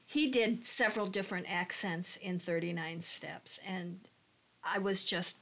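A woman's voice: fairly low pitch, steady tone, measured pace, a bit bright. A middle-aged woman who acts in community theater, chatting candidly in a casual panel discussion.

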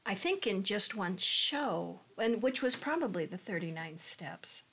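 A woman's voice: mid-range voice, lively intonation, a little slow, fairly bright tone, breathy edge. Chatty middle-aged woman actor. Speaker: community theater actor. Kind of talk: casual panel discussion.

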